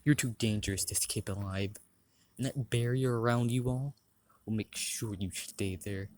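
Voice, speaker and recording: A man's voice: fairly low pitch, normal speed, a little mellow, close to an everyday voice. A man voicing a cold, treacherous leader in an amateur spoken story.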